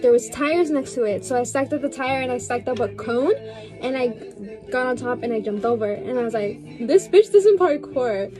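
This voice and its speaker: Young woman doing a grwm storytime, high voice, says like a lot, swears casually. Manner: chatty, heavy use of "like" and swearing. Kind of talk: casual storytime while getting ready.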